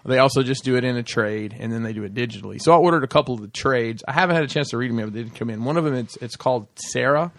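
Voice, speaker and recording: A man's voice: medium pitch, rapid-fire, few pauses, no room sound, clean studio sound. A man hosting a casual podcast chat, rambling with many fillers and restarts.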